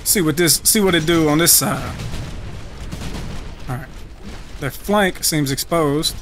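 A young man giving live commentary over his own game match, profane, trash-talking and excitable. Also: on the high side, unhurried. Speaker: gaming channel host. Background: game music.

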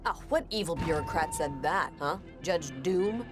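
A low-voiced, sarcastic young woman in a game, deadpan and dry. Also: a little slow, music in the background. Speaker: game character.

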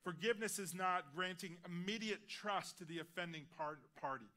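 A man preaching a sermon in a church, earnest and personal, dropping his voice quietly on key lines. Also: sits high, normal speed. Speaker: guest preacher. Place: large church auditorium.

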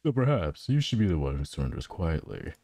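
A courteous, scheming schoolgirl agent from a game, read aloud by a man in his low natural voice. The delivery is lively and rises and falls freely, recorded dry with faint music underneath. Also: fairly quick, creaky, no room sound, heavily acted. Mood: taunting. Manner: reading game dialogue aloud. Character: polite scheming teenage girl agent.

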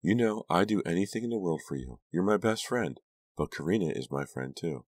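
Sweet earnest teen girl peacemaker, deep guy putting her on, dry sound. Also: lively intonation, a little fast, a little mellow, no echo. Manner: earnest, soothing. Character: gentle loyal teenage girl friend.

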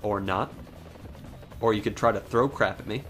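A man giving profane, sarcastic, excitable commentary over his own gameplay. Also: fairly low pitch, moderate pace, soft background music. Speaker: gaming commentator. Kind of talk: let's play commentary.

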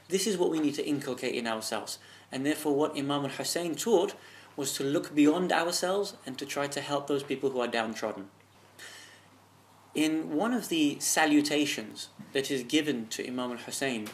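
Man, earnest religious speaker, somewhat high voice, impassioned storytelling, rhetorical questions. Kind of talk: religious talk.

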